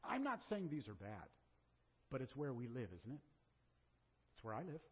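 Lively conversational preaching man in a hall. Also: medium pitch, normal speed, husky. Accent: Southern American. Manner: conversational preaching with rhetorical questions. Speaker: pastor. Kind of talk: sermon. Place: church sanctuary. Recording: dull sound with long hall reverb.

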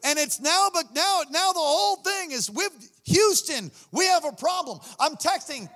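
Pastor guy preaching, highish voice, goes from quiet mutters to yelling, big echo of a church hall. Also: normal speed, few pauses. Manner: animated, swings from murmurs to shouting. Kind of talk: sermon. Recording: long hall reverb.

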